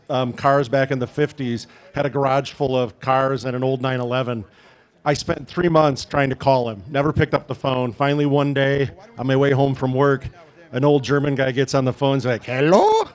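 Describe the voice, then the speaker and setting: Casual Midwestern man telling a car story. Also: medium pitch. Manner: conversational, frequent fillers. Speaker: guest speaker at a car event.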